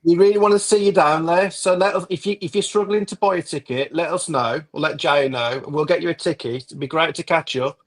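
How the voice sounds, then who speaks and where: A man's voice: fairly high pitch, fairly quick, hardly any pauses. A man co-hosting a football fan stream, upbeat and inviting as he addresses viewers. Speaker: co-host. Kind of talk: casual football chat.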